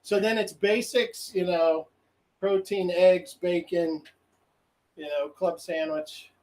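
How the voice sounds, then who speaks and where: High-voiced man telling rambling stories. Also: slow pace, poor audio. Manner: animated, laughs through his stories; rambling, many restarts and quoted self-talk. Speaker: podcast guest. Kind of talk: casual storytelling.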